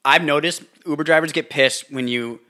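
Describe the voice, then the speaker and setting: Young man, bright voice, goofy chatter. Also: a little high, moderate pace. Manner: goofy deadpan humor, stumbling restarts. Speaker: podcast co-host. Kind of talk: casual chat.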